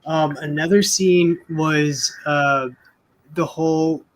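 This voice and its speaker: Casting: rambling podcast host, man, a bit high-pitched, loose and casual. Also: fairly even intonation, takes it slowly. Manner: rambling, lots of fillers and swearing.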